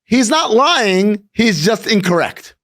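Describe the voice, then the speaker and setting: Male sports co-host, lively and joking, voice swoops up and down, slightly high. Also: takes it slowly. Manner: animated, joking, swings his voice high and low. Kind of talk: comedic sports chat.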